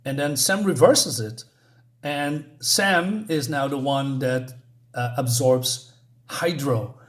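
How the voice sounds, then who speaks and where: A man's voice: medium pitch, slow. A man giving a casual spoken comic book review, rambling with lots of fillers and restarts.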